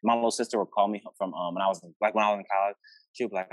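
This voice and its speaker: A young man talks fast in a lowish voice, a guest in a casual podcast chat. He tells stories with lively acted-out quotes and swears freely. His voice sounds dry and close to the mic. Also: no echo. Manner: animated storyteller, acts out quoted family lines, swears freely.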